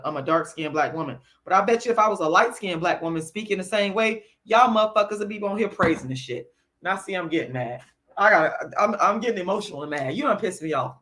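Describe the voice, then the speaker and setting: A woman's voice: fairly low pitch, lively intonation, fairly quick, fairly bright tone. A woman on a livestream answering her chat, moving between lecturing and blunt, profane venting as she gets worked up. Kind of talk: heated livestream rant.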